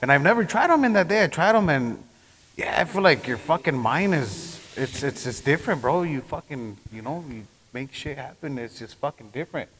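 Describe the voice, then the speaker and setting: A man guesting on a podcast, telling a story in an excitable, profane way. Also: fairly high pitch, moderate pace, a little hiss or hum. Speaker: guest rapper. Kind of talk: casual podcast chat.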